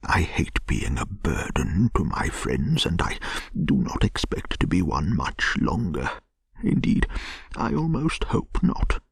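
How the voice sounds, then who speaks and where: A man voicing a languid, self-pitying male toad who pretends to be gravely ill, in a gentle bedtime storybook reading. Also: sits low, wildly swooping pitch, takes it slowly, no room sound, heavily acted. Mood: feebly self-pitying. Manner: feeble, sighing, melodramatic.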